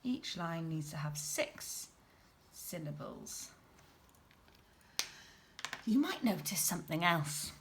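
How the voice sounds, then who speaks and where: Slow, lively woman teacher. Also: lowish voice, noisy background. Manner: patient, clear explaining with frequent checking "okay?"; sounds out words beat by beat. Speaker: primary school teacher. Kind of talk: recorded home-learning lesson.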